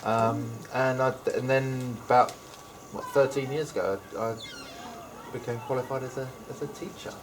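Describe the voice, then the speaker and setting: A man's voice: mid-range voice, fairly even intonation, normal speed, noisy background. A man with an Essex accent, a teacher chatting as a guest in a school library lounge, talking in a rambling, hesitant way with many restarts. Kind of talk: casual interview chat.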